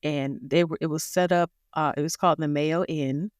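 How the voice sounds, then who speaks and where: A woman as a podcast guest, telling a personal story in a casual, animated way and laughing along the way. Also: low-pitched, normal speed, clean tone, no echo, studio quality.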